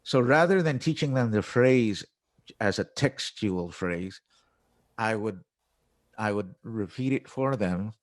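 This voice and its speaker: Low-voiced man explaining teaching methods. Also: slow. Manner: animated explainer who acts out classroom phrases. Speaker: guest, English teacher and musician. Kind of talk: conversational interview.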